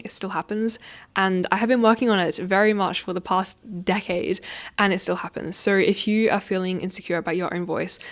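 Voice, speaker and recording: A young woman hosting her own podcast at home, talking fast and expressively with frequent laughs and a slight stutter now and then. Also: mid-range voice. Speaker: podcast host. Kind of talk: casual advice monologue. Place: home, indoors. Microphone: facing own camera.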